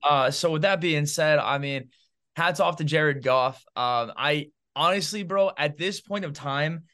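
On a sports podcast, a male co-host with a slightly high voice talks a little slowly, offering animated, opinionated football takes in loose chat packed with fillers like "bro" and "man."

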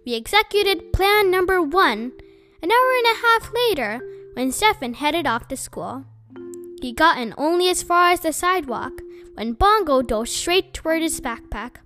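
Bright, lively woman reading aloud. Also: extremely high pitch, measured pace, soft background music. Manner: expressive, animated read-aloud. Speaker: storyteller. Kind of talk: reading a children's book aloud.

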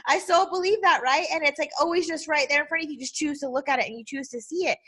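A woman's voice: sits high, racing, pushed and bright. A woman hosting a podcast, telling a personal story in a heartfelt, emotional way and saying "like" constantly. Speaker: podcast host.

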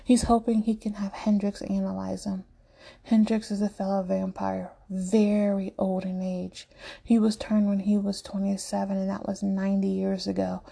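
A woman narrating a story slowly, in a hushed voice that often drops to a half-whisper. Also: mid-range voice, flat delivery, creaky, slightly rough.

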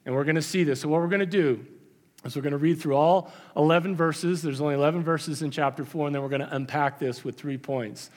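A man's voice: fairly high pitch, fairly even intonation, fast talker. Man preaching in a reverberant hall. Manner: conversational preaching with emphatic repetition. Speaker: pastor. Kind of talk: sermon.

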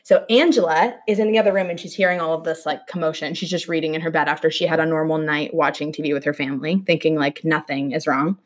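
Young female host, low-ish voice, animated casual storyteller who acts out quotes. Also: quick pace, hardly any pauses. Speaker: podcast host telling a true crime story.

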